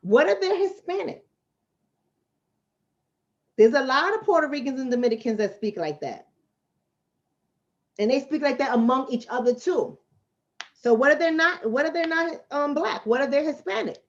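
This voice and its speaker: Her voice is high-pitched and expressive, moving at normal speed with long pauses, and the audio sounds dull. This livestream host and relationship coach from the Bronx, New York City, answers her chat casually in a blunt, streetwise manner, hammering points home through repetition.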